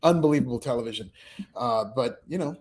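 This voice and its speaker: A man co-hosting a podcast in casual chat, easygoing, opinionated and quick to laugh. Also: mid-range voice, a little mellow. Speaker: podcast co-host.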